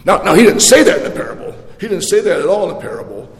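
A man's voice: high-pitched, big pitch swings. A man, a priest, preaching a sermon in a church, often restarting his words but telling stories with dramatic swings. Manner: halting restarts with dramatic storytelling. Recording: echoey church hall reverb.

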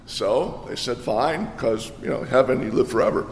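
A man preaching a sermon in a church, telling jokes and voicing the people in them with lively delivery. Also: medium pitch, moderate pace, a little hiss or hum. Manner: jokey storyteller, voices the jokes, lively preaching. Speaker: pastor. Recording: echoey hall reverb.

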